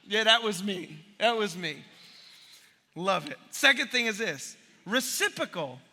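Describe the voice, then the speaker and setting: A man preaching from the pulpit with a very bright, forceful, high-pitched voice. He talks to the congregation like a friend, joking and slipping into little acted voices. His words ring out with a long church-hall reverb from a live recording. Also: unhurried. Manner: animated storyteller who acts out voices; humorous, conversational preaching. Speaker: pastor. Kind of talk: sermon. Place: church sanctuary.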